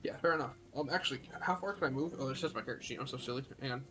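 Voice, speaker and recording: A man's voice: medium pitch, racing, pushed and bright. A young man playing a tabletop game over a voice call, unsure of the rules, self-deprecating and casually swearing. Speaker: player.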